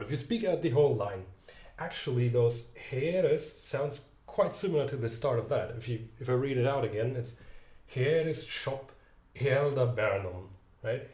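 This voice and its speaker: A young man giving an online literature lecture, thinking aloud with hesitant fillers and restarts, reading verse lines slowly. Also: mid-range voice, darkish tone, reverberant. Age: young adult.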